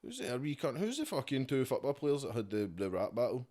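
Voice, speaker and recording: A Scottish man chatting loosely at home, swearing freely and circling back on his own points. His voice sits at an ordinary middle pitch for a man. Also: wildly swooping pitch, quick pace, mellow. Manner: loose, swearing-heavy, rambling. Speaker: podcast guest, rapper. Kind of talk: casual chat.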